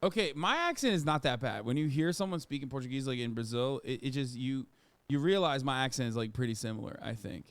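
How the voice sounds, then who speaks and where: A man's voice: medium pitch, animated, fast. A man streaming casual commentary, sarcastic and swearing freely.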